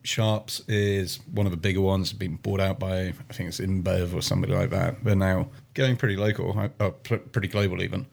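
A man's voice: deep voice, fairly even intonation, a little fast, creaky, hardly any pauses, darkish tone. A man from Cornwall with a Cornish English accent, chatting casually over beer and laughing often. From Cornwall, England.

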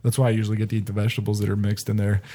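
Mellow-voiced man in his thirties, storytelling. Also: lowish voice, racing, a little hiss or hum. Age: 30s. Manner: storytelling, animated, laughing. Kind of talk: casual chat over beer.

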